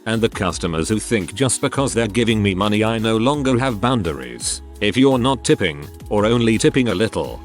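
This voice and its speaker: Guy reading reddit-style posts out loud, kinda low voice, calm steady pace. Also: brisk, hardly any pauses. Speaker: narrator. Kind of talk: scripted narration of online posts. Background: faint background music.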